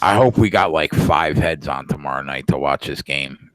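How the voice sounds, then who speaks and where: A man's voice: a bass voice, normal speed, fairly bright tone, dry recording. A man co-hosting a casual late-night sports betting chat, laid-back and profane, with lots of filler words. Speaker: podcast co-host.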